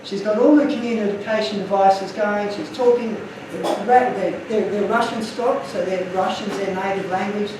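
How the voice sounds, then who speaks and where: A man's voice: sits high, steady tone, normal speed, few pauses, heavy reverb, far from the mic, noisy background. A man giving an earnest, emotional talk to an audience, telling stories from his slides. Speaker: guest speaker.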